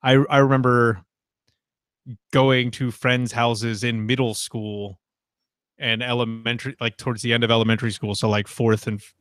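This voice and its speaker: Man, 30s, mid-pitched podcast co-host, rambling and filler-heavy, dry close sound. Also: flat delivery, normal speed, fairly bright tone, no echo. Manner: rambling, lots of fillers and likes. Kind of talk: casual chat.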